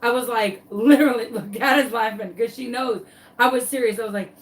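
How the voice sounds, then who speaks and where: A woman's voice: fairly high pitch, a little fast, far from the mic, low-quality recording. A woman, a crafting vlogger telling a dramatic story while she works on a craft tutorial.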